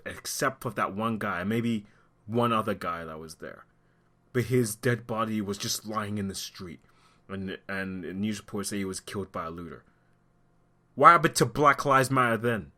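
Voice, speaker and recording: A man speaking his mind into the camera in a vlog, heated and openly upset. His pitch swings widely, leaping up in sarcastic outbursts and sinking low when he pulls back. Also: expressive, normal speed, bright, forceful tone. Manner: talks through being upset, voice dropping low at times. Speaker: vlogger. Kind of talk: impassioned opinion commentary.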